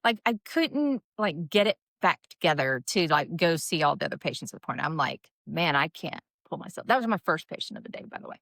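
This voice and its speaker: A woman, a nurse practitioner co-hosting a podcast, telling a story with animated acted-out quotes. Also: brisk, vocal fry, hardly any pauses, dry recording. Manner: animated, acts out quotes with big pitch jumps. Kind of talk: casual storytelling chat.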